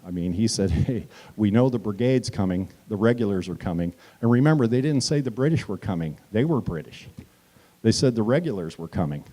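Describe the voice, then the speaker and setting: A man's voice: on the low side, mellow. A man giving a political speech at a town hall meeting, telling history as a story and building to emphatic declarations.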